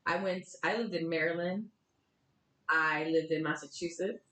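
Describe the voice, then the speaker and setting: Podcast guest: young woman from Florida, lowish voice, chatty and blunt, recorded in an echoey room. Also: moderate pace. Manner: animated, candid storytelling with casual swearing. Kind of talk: casual chat.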